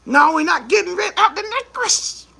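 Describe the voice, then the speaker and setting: High, gravelly man ranting forcefully. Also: animated, moderate pace. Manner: mocking rhetorical questions, acts out imagined speakers; forceful, often shouting. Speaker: ministry speaker. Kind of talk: impassioned commentary monologue.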